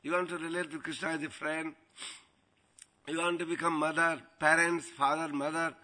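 A man tells devotional stories as a spiritual teacher, animated and quick to laugh. His voice sits slightly high, with a very sharp, bright edge. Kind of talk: devotional storytelling talk.

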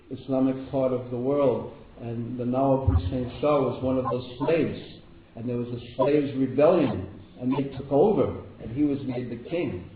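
A man giving a devotional talk, telling stories and often repeating words for emphasis. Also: medium pitch. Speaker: spiritual teacher. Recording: echoey room over a tinny phone-like line with background noise.

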